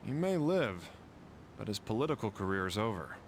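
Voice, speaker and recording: A man's voice: on the low side, very animated, normal speed, a little hiss or hum. An actor playing a blunt, jaded male surgeon who speaks in a curt, cold, matter-of-fact way. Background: game music.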